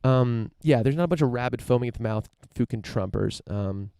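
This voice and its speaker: A man's voice: medium pitch, fairly quick, vocal fry, dark tone, smooth, no room sound. A podcast host from the United States, a man riffing through a casual opinion monologue, rambling with lots of fillers, restarts and casual swearing.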